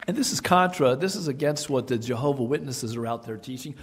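A man's voice: medium pitch, animated, fairly quick, breathy edge. A man preaching a sermon, emphatic and repeating key phrases for his congregation. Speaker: pastor. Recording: long hall reverb.

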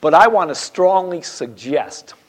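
A man preaching a Sunday sermon in church, emphatic and swinging between loud and quiet, often repeating phrases. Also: a little high, animated, measured pace. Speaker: pastor.

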